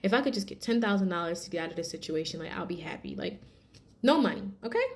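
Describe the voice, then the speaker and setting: A woman, telling a personal testimony in a casual, animated way and acting out quoted lines. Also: lowish voice, fast talker. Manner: animated, addresses viewers as y'all, acts out quotes. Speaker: vlogger sharing a testimony.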